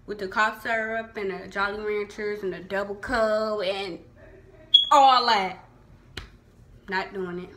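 In her vlog, a young Houston, Texas woman with a Southern Houston accent chats casually about local slang. She laughs a lot and says "like" often, in a mid-range, slightly bright voice.

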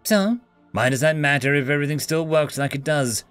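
A man's voice: on the high side, brisk, a bit bright, smooth, dry recording, faint music behind, lightly acted. A man voicing a nervous young male alien spawn who stammers and speaks tentatively. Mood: curious.

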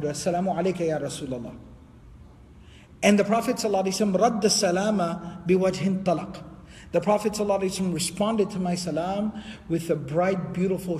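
A man giving an Islamic history lecture, telling the story in a lively way and quoting Arabic before translating it. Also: sits high, long reverb tail.

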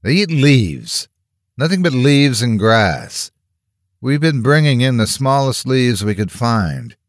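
A man voicing a frightened young husband who talks hoarsely, in a horror story reading. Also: mid-range voice, sing-song, takes it slowly, no room sound, studio quality, voice pushed up. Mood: tense, defensive.

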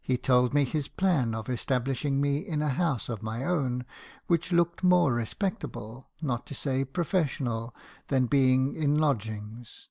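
A man narrating a classic novel in the first person for an audiobook, reading in a measured, expressive way. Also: medium pitch, gravelly, dry recording, clean studio sound.

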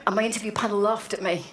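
Woman in her forties, wry self-deprecating storyteller, echoey hall, faint room hum. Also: medium pitch. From Wales. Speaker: speaker at an annual meeting. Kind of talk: anecdotal speech. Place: large hall, to an audience.

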